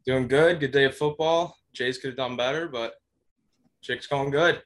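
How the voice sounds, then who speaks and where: Male guest, middle pitch, relaxed and friendly, casual chat. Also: moderate pace. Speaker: guest, contest-winning listener.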